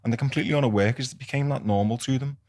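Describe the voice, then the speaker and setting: A man's voice: medium pitch, very fast, darkish tone. A man hosting a podcast, talking earnestly and chiming in with agreement. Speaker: podcast host. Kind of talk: podcast conversation.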